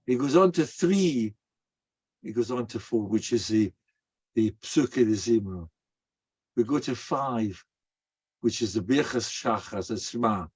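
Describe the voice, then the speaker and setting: An older man, a rabbi giving a storytelling sermon in an animated way. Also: mid-range voice, measured pace, pauses often, breathy edge. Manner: animated, acts out quoted voices.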